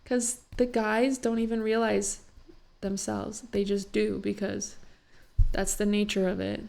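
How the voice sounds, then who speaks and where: Gravelly-voiced woman vlogging, teary and rambling. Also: mid-range voice, flat delivery, a little slow, darkish tone. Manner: emotional, rambling, many "like" fillers. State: teary after crying. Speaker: vlogger reacting to a talk show. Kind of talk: casual reaction vlog.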